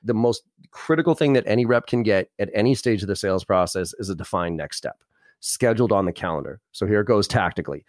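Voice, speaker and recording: A middle-aged man, talking through sales tactics in a rapid, animated podcast interview and acting out both sides of a sales call. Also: on the low side, dry recording, studio quality. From Boston area, US. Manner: rapid, animated, role-plays sales calls. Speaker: sales trainer, guest.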